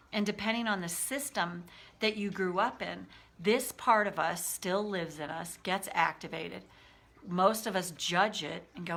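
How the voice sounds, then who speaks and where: A woman talking casually to her viewers as a coach, animated, acting out inner voices as she explains. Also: mid-range voice. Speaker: life coach. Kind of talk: casual teaching talk to viewers.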